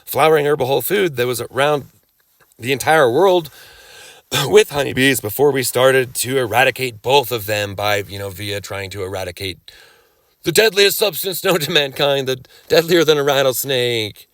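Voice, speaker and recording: Halting man in a dry, close sound. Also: mid-range voice, fairly bright tone, dry recording. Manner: rambling, halting restarts, coughs and throat clearing; sarcastic asides. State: occasional coughing. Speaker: cannabis rights lecturer. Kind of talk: casual lecture over slides.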